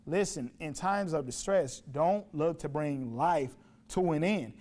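A man's voice: fairly high pitch, measured pace, darkish tone. A man preaching a sermon in a church, emphatic, repeating phrases and asking rhetorical questions. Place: church sanctuary.

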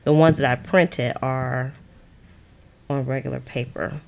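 Chatty low-voiced woman crafting at home. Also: steady tone, a little slow, gravelly, darkish tone, muffled recording. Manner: chatty, laughs often, answers viewers' comments. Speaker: crafting channel host. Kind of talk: casual crafting livestream chat.

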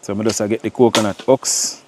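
A man's voice: on the low side, fairly even intonation, a little fast, loud music behind the voice. A man chatting directly to his viewers as he walks them through cooking outdoors. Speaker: cooking vlogger. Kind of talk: casual cooking demonstration.

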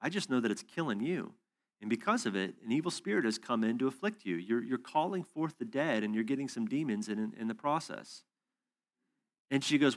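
A man preaching at a conference session, telling a story in an animated way and acting out both sides of a conversation. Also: mid-range voice, moderate pace. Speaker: conference speaker. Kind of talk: storytelling sermon. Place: church hall or conference room.

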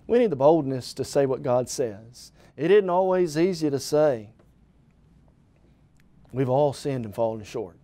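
A man's voice: a little high, a little mellow. Earnest man preaching a TV gospel sermon. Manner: earnest, direct address to the viewer as "friend"; emphatic repeated phrases, occasional stumbles on words.

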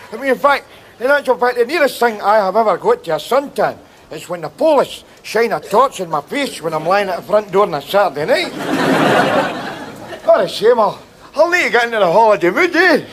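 A man's voice: sits high, very animated, normal speed, fairly bright tone. An actor with a Glaswegian accent playing a scruffy, boastful working man on holiday in a sitcom, rambling and chuckling. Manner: rambling, cheeky, chuckling asides. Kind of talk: sitcom acting.

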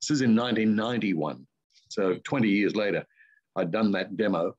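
An older Australian man, a voice artist, tells rambling anecdotes full of lively asides as a guest in a casual interview. His voice is fairly low, his speed normal, and the recording sounds lo-fi.

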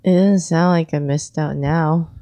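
A tired woman chatting on a podcast, giggly and slow-spoken. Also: sits low, steady tone, warm tone. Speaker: podcast co-host. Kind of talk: casual chat.

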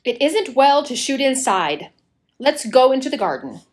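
An actor in a community audio play playing a proud widow, haughty and cutting, then wavering. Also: female voice, high-pitched, big pitch swings, moderate pace. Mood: scornful. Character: proud young widow, scornful and fiery. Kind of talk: amateur radio play acting.

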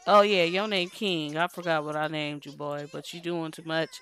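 A woman's voice: low voice, fairly even intonation, normal speed, a bit bright, clean tone, pitched below the performer's own voice. A woman voicing a careless, overwhelmed teen mother in a life-simulation game, talking in a dismissive, impatient way.

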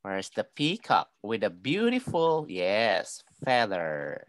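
Woman teacher w/ a super deep voice, goes up and down a lot, drilling phonics words with a little kid online. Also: wildly swooping pitch, dry recording. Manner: slow, clear word-by-word modelling with praise. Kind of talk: online phonics class for a young child.

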